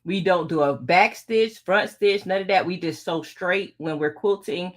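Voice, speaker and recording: Her voice is on the low side and her pace measured as this middle-aged woman hosts a casual live quilting tutorial. She talks chattily with viewers while working at her sewing.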